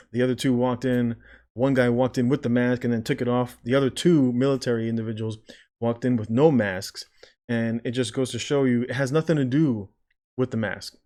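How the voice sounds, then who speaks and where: A man's voice: mid-range voice, darkish tone. A man who works as a nurse, talking through video commentary in a casual, sarcastic, rambling way and mimicking the people he disagrees with.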